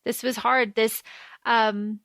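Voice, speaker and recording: Animated woman with a bright high voice. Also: slow, no echo. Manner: animated, acts out quoted lines in lower or higher voices. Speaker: podcast co-host. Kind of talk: casual fan podcast discussion.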